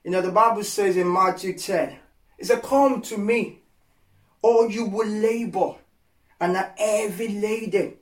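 A male preacher with a fairly high voice delivers an impassioned sermon. He repeats phrases for emphasis and moves between hushed comfort and loud pleading. The sound is roomy and echoey, picked up from some way off the mic. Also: steady tone, unhurried, distant mic.

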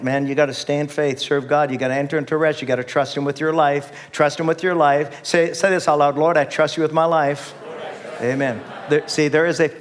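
An older pastor delivers a sermon in a church sanctuary, emphatic and repetitive. He keeps calling on the congregation to answer him, and his voice sits somewhat high for a man.

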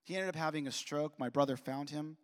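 Man, 40s, preacher; high voice, animated storytelling, long hall reverb. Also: brisk. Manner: animated, with repeated restarts and acted-out dialogue. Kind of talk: personal storytelling sermon.

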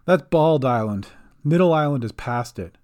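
A man doing a seasick, deadpan halfling. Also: mid-range voice, moderate pace, close to an everyday voice. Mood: glum. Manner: weary, dry and deadpan. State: queasy and exhausted. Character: tired seasick halfling farmer, small.

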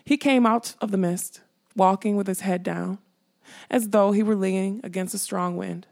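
A woman narrating a fantasy audiobook with steady storytelling. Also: mid-range voice, moderate pace, vocal fry. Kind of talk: scripted narration.

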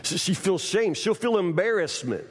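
A man's voice: high voice, lively intonation, normal speed, slightly rough. A man preaching a sermon, folksy and conversational, repeating his words as he talks to the congregation. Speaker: pastor. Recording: echoey hall.

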